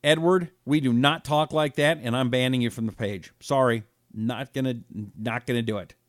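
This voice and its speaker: A man's voice: medium pitch, steady tone, normal speed, no echo. Heated male talk host, dry close mic. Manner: heated and indignant, swings from hushed to loud. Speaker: political talk show host. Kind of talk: live talk show, reading viewer comments.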